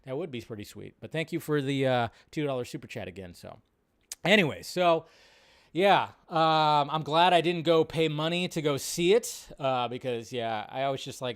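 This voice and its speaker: A man hosting a live stream, chatting casually and excitedly with lots of fillers and swearing. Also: medium pitch, normal speed, dry recording, clean studio sound. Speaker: host.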